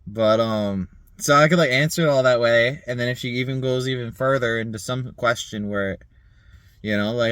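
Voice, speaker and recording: A man in his thirties rambling in a casual vlog monologue, laughing often, swearing and filling pauses with "like" and "um". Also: mid-range voice, a bit bright, smooth, no echo. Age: 30s. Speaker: vlogger.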